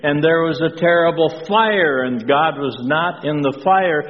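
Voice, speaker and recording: Slow, halting man preaching in a hall. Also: a little high. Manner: slow, halting delivery with many pauses and fillers; asks the congregation questions. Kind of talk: sermon. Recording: distant, dull echoey hall with faint noise.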